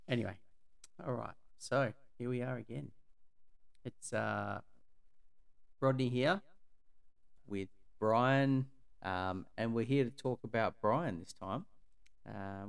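A man hosting a casual podcast, halting, with many fillers and frequent laughs. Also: mid-range voice, creaky, clean tone. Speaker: podcast host.

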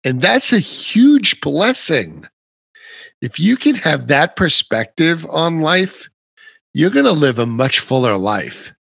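A male host speaks with emphasis and real animation, his voice rising and falling widely. His tone is bright and forceful. The sound is dry and close, with no room around it. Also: a little high, very animated, slow, creaky, husky, no echo. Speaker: podcast host. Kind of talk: casual conversation.

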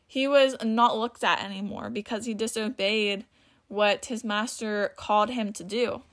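Speaking at a measured pace with a medium pitch, fairly even intonation and a fairly bright tone, a woman leads a relaxed Bible teaching podcast. She fills her talk with "like", occasionally stutters, and restarts when she loses her thread.

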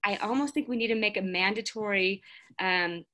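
A woman's voice: mid-range voice, normal speed, a bit bright. A woman hosting a podcast in casual chat, enthusiastic and affirming, keeps saying how much she loves ideas. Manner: enthusiastic, affirming, many "I love it"s. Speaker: podcast host.

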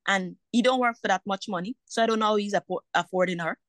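A woman's voice: mid-range voice, quick pace, no echo. Indignant woman venting heatedly. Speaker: mother in a custody dispute. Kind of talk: emotional personal account.

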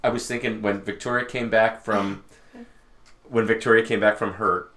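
A man's voice: lowish voice, flat delivery, normal speed, fairly bright tone. A man chatting casually as a podcast co-host, crude and joking. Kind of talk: casual chat.

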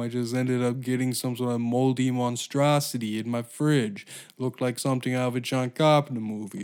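A man hosting a solo comedy podcast, ranting in a crude, profane, rambling way. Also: mid-range voice. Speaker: podcast host.

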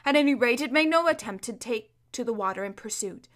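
A woman reading a storybook aloud in a steady, measured way, with the odd small slip. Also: on the high side. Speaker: narrator.

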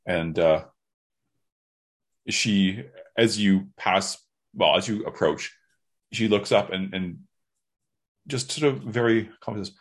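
A man narrating a tabletop game as game master, relaxed and descriptive. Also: fairly low pitch, takes it slowly, long pauses. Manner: relaxed and descriptive, with frequent restarts.

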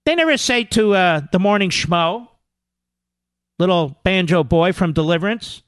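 A man hosting talk radio, combative and sarcastic, often slipping into mocking impressions of his critics. His voice sits high for a man and swings widely in pitch. The sound is dry and close, with no room around it. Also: expressive, normal speed, a bit bright, clean tone, dry recording. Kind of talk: political talk radio monologue.

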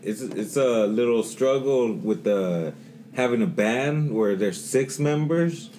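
A man's voice: medium pitch, slow, warm tone, a little hiss or hum. A man co-hosting a podcast, talking in a rambling way with many fillers and restarts. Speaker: podcast co-host. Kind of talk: casual podcast chat.

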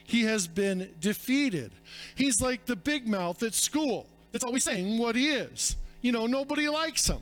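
A man's voice: extremely high pitch, expressive, measured pace, soft background music. A male pastor preaching a sermon, emphatic and repetitive, calling his listeners friends.

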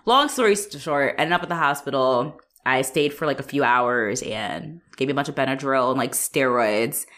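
A woman co-hosting a podcast, telling a story in casual chat, animated, laughing often and acting out what people said. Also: a bass voice, moderate pace, hardly any pauses. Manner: animated, laughs often, acts out quotes, swears freely. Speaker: podcast co-host.

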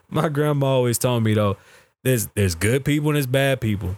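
A man's voice: mid-range voice, moderate pace, darkish tone. A man ranting as a podcast host, telling stories in a heated and profane way. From the Bronx, New York. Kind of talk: casual podcast rant.

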